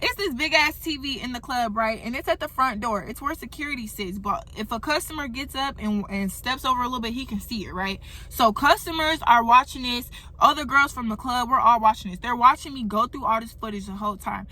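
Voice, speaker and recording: Bright, animated young woman vlogger. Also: fairly high pitch, a little fast, hardly any pauses. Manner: animated and profane, addressing viewers as y'all. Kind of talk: storytime monologue.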